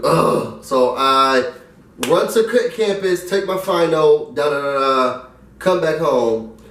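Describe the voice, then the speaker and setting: A slightly high-voiced young man from New York tells a casual, animated story without hurrying, imitating what others said. He's a vlogger, and the distant mic captures a roomy sound with a little hiss or hum.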